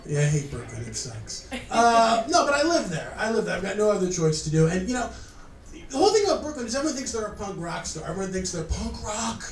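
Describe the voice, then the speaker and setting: A man's voice: high voice, big pitch swings, fast. A man doing a stand-up comedy set, sarcastic and self-mocking as he banters with a live audience. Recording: roomy echo, distant mic, crowd noise.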